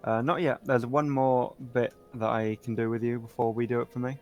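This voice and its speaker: A man's voice: medium pitch, flat delivery, brisk, lo-fi sound, soft background music. A man in casual voice chat, joking and teasing himself while guiding a friend through a video game. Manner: joking, self-mocking.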